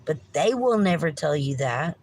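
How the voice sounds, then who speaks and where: A woman's voice: sits low, animated, moderate pace, darkish tone, rough recording. A middle-aged woman, hosting a livestream with a meandering rant, swearing freely and apologizing often. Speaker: livestream host.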